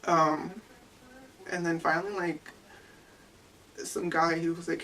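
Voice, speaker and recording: A young adult woman giving personal testimony as an interviewee, halting and full of "like" fillers. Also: fairly low pitch, little pitch movement, a bit bright, slight background noise. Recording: distant mic with faint ambience.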